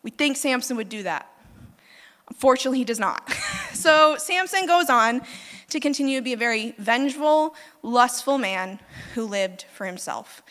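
A young woman preaching a sermon, retelling a scripture story in a lively, casual way with laughs and asides. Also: fairly high pitch, normal speed. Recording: long hall reverb.

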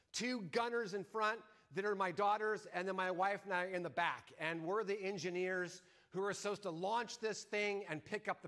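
A middle-aged pastor with a high, gravelly voice. He tells a story from the pulpit in an animated way and acts out his own shouts. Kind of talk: sermon with a told story.

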